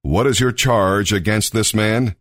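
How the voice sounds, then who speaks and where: A man voicing a stern, weary Roman governor in a Bible reading, asking sharp questions. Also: lowish voice, measured pace, no room sound, studio quality. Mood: questioning.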